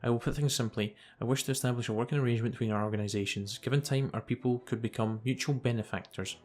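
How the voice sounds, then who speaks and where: A man's voice: mid-range voice, fairly even intonation, fast, a little mellow, natural voice. A man voicing a nervous middle-aged German colonial governor, read plainly in his own voice. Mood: guarded.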